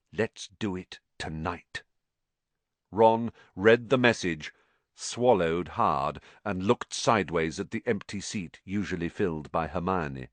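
A man narrating an audiobook in an expressive style, giving each character its own voice. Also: low voice, no room sound. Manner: expressive, varied character voicing.

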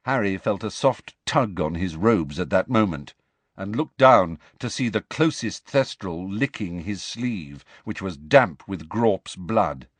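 A man narrating a novel as an audiobook, expressive storytelling into a close studio mic. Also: low-pitched, unhurried, no room sound.

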